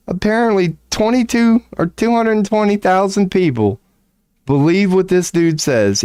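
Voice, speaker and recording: A man's voice: fairly high pitch, a little mellow, no room sound, clean studio sound. A man streaming, giving casual ranting commentary, profane and incredulous, laughing often.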